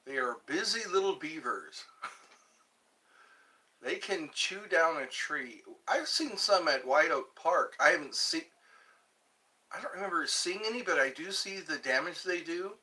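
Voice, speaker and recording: A man hosting a casual livestream, chatting slowly and rambling while greeting viewers and answering comments as he eats. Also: on the high side, expressive, pushed and bright. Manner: slow, rambling, chatty, restarts words, eating while talking. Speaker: livestream host. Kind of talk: casual live chat reading comments.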